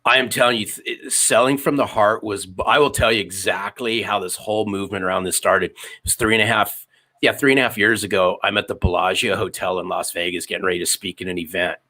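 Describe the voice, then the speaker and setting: A man's voice: fairly low pitch, steady tone, fast, bright, forceful tone. A man in his fifties, a sales author and podcaster, telling his story in an interview with emphatic, repeated phrases. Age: 50s.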